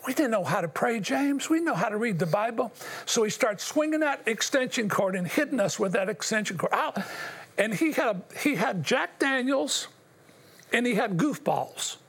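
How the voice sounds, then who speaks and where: A man's voice: very high voice, lively intonation, moderate pace, a bit bright, husky. An older man giving an earnest, emotional personal testimony as an interview guest. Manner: earnest, emotional storytelling addressed to the host.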